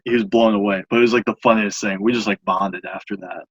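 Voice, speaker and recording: A young man casually telling a long funny story on a podcast, animated and acting out other people's lines. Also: lowish voice, fast talker, breathy edge, dry recording, muffled recording. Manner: animated, laughing storyteller acting out quoted voices.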